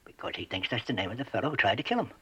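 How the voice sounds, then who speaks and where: A man's voice: fairly low pitch, lively intonation, rapid-fire, pushed and bright, slightly rough, exaggerated voice. Giggly backwoods man. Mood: folksy. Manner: rustic grammar, chuckles, stammers. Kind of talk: 1960s TV western acting. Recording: muffled old TV soundtrack.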